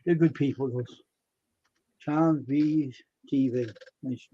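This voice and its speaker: This livestream host is a man with a medium-pitched, slightly rough voice and a slow pace. Over dull lo-fi stream audio, he animatedly tells a story, acting out quotes, laughing a lot, and saying he feels tired.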